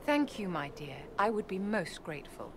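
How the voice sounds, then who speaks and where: Voicing a poised, imperious court enchanter for a video game, an actress delivers formal, condescending lines in a regal, aloof mood. Her natural, mid-range voice moves at a moderate pace with big pitch swings, and the game audio carries background noise.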